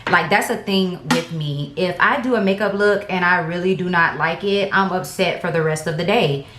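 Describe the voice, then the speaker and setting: A woman's voice: lowish voice, moderate pace, a bit bright, reverberant, a little hiss or hum. A woman beauty vlogger, chatting casually and slangily to her viewers at home. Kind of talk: casual get-ready-with-me chat.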